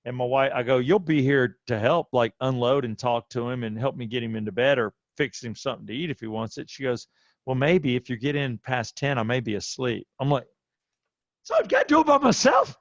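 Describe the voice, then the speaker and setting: Male co-host, 30s, lively storyteller, dull lo-fi dry sound. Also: a little fast, no echo. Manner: animated storyteller, voice jumps high when quoting himself. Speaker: podcast co-host. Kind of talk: casual chat.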